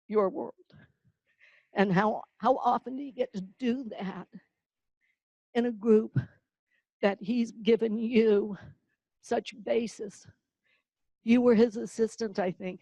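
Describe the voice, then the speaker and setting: A woman's voice: on the high side, gravelly, a little mellow, no echo, low-quality recording. An older woman from the North Carolina-Virginia border, giving a folksy, heartfelt award tribute. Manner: folksy storyteller, slow and emotional. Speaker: award presenter.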